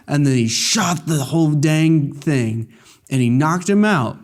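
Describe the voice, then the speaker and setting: A man's voice: mid-range voice, unhurried, darkish tone. Rambling man recapping a game story. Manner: rambling, jokey story recap with many fillers. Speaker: let's play gamer. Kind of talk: casual gameplay commentary.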